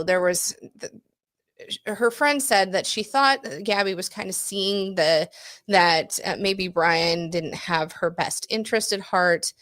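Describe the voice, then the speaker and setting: This woman co-hosts a podcast, recounting a true-crime case casually with plenty of fillers, self-corrections and easy laughter. Her mid-range voice has a fairly bright tone, recorded in clean studio sound with no echo.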